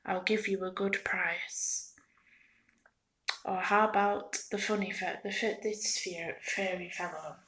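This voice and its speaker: A woman voicing an erratic, pushy male street toy maker in a soft whispered role-play. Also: medium pitch, fairly even intonation, slow pace, a little hiss or hum. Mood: wheedling. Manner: wheedling, turns scornful.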